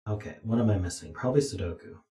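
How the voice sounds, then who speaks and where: A man's voice: fairly low pitch, animated, very fast, warm tone. A tired man streaming himself as he thinks aloud through a puzzle, muttering to himself with dry asides. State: tired, yawning. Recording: roomy echo.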